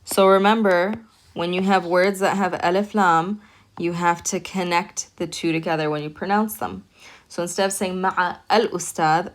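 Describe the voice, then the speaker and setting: A woman teaching an online language lesson, talking patiently, repeating words slowly and checking in with "okay?". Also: lowish voice. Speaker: Arabic teacher.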